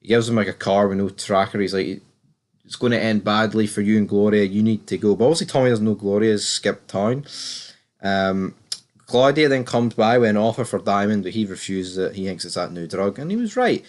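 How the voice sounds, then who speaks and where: A young British man giving a casual, opinionated recap of a TV episode, swearing freely and jumping up in pitch when he exclaims. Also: a little fast. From Britain. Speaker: TV show reviewer. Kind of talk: casual spoken recap and commentary.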